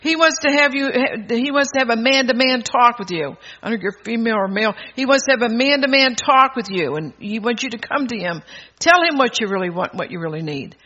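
A man's voice: very high voice, animated, fairly quick, bright, forceful tone. An older man preaching a sermon, bold and exhorting, chuckling between phrases, on a dull lo-fi recording.

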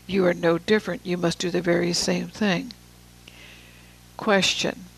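A preacher giving a sermon, reading scripture with slow, deliberate emphasis and casual asides to the room. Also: mid-range voice, little pitch movement, creaky, slightly rough, low-quality recording.

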